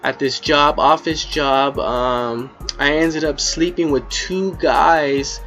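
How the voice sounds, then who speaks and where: A man's voice: on the high side, fairly even intonation, slow, fairly bright tone, soft background music, voice pushed up. A man voicing a ditzy young woman calling in to a radio show, airy and rambling with lots of fillers. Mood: chatty.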